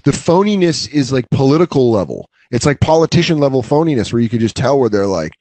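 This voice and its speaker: A man's voice: mid-range voice, big pitch swings, fast talker, dark tone, no echo. Man in rambling casual talk. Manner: loose and rambling, acts out quotes. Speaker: podcast co-host. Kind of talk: casual chat.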